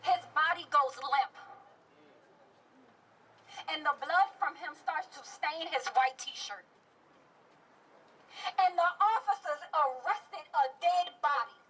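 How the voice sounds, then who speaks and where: Her voice is high, bright, and forceful as she takes her time, leaving long pauses. She's in her thirties and a parent, speaking and reciting spoken-word poetry at an outdoor rally as her feelings build almost to crying, captured noisily from a far-off outdoor microphone.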